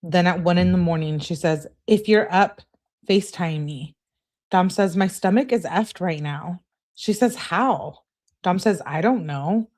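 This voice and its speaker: Low-voiced woman reading texts aloud. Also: a little slow, a little mellow. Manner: emphatic, exasperated asides. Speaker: true crime channel host. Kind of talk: reading text messages aloud with commentary.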